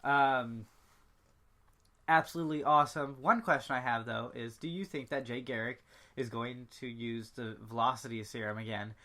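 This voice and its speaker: A man's voice: medium pitch, moderate pace, bright, forceful tone. Joking male podcast co-host. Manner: joking, laughs often, playful teasing. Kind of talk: casual chat.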